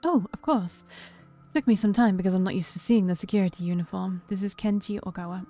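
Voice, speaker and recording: A woman streamer reading a game's first-person narration aloud, steady and calm, with brief asides of her own. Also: medium pitch, a little fast. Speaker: game streamer. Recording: faint music behind.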